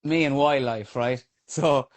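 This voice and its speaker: A trail runner with an Irish accent shares a race story on a podcast, talking slowly at a medium pitch. The delivery is casual and energetic, loaded with fillers and swearing.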